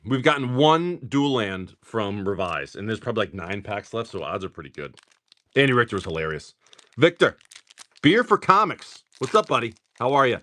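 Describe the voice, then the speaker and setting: A man's voice: fairly low pitch, very animated, normal speed, sharp tone. A middle-aged man casually chatting and swearing while he opens card packs for viewers on a livestream. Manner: chatty, swearing, rambling storyteller. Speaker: livestream card-breaking host.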